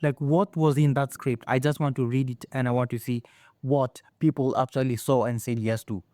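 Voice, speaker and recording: A man's voice: mid-range voice, steady tone, normal speed, a little mellow, no echo, clean studio sound. A young man, reviewing a film in a blunt, mocking, exasperated rant. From Kenya. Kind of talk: ranting movie review.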